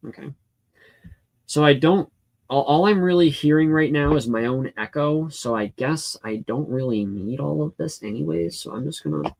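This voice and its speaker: A man's voice: on the high side, lively intonation, moderate pace, gravelly, darkish tone. Rambling man hosting a live Q&A. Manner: rambling, hesitant, many fillers and restarts. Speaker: livestream host answering chat questions. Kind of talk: casual live Q&A, reading comments aloud. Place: home room with a cat.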